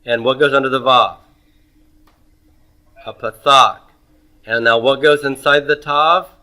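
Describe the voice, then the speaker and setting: A middle-aged man leads a grammar lesson in a bright, forceful voice. He asks questions, pauses, and answers them himself, stretching out words as he spells them. His pitch sits in a middle range. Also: fairly even intonation, poor audio. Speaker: Hebrew grammar teacher. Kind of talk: homework review lecture.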